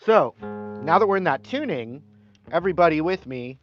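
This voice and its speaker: A man's voice: fairly high pitch, animated, normal speed, a bit bright. Chatty man teaching guitar on a live stream. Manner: chatty, reads viewer comments aloud between playing. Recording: slightly dull sound with guitar playing.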